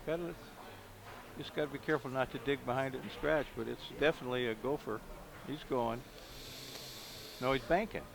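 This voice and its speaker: A man's voice: medium pitch, fairly quick, creaky, long pauses, noisy background. A man commentating a pool match live, analyzing each shot and thinking aloud, often trailing off mid-sentence.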